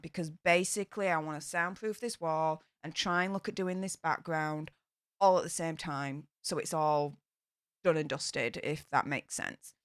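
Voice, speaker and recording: A woman's voice: lowish voice, vocal fry, clear, resonant tone, no echo, studio quality. Chatty woman streaming from home. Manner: chatty and upbeat, many fillers. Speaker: livestream host. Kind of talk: casual livestream chat. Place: home studio room in a new house.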